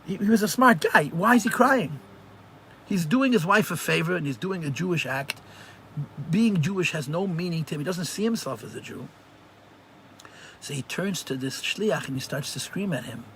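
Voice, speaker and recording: A man, a rabbi, teaching a live religious class and telling stories in an animated way, often repeating phrases for emphasis. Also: a little high, normal speed, slight background noise.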